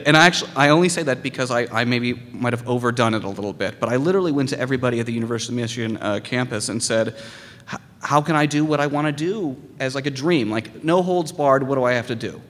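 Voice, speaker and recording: Man, 30s, motivational talk, animated, mid pitch, long hall reverb. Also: quick pace. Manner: animated, acts out quoted voices, self-deprecating humor. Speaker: conductor giving a talk to students. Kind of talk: motivational speech.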